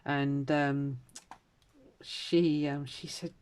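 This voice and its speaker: A woman in her fifties chatting casually at home as she stitches, rambling from story to story and trailing into quiet mutters. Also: rumbling low, flat delivery, very slow, clear, resonant tone. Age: 50s. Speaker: crafter vlogger. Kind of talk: casual chat while stitching.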